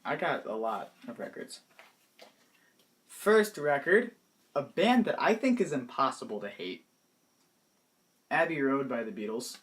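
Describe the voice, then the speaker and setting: A young man in his late teens casually talking through his favorite music in a vlog, hesitant and pausing often, his words trailing off softly. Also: mid-range voice, big pitch swings. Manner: hesitant, many pauses and restarts, trailing off softly. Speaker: vlogger.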